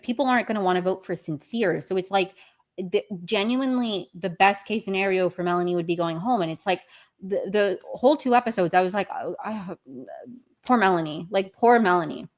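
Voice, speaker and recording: A woman's voice: medium pitch, lively intonation, fairly quick. A young woman hosting a podcast, recapping a reality show in a rambling, self-correcting way, with exasperated outbursts. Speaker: podcast host.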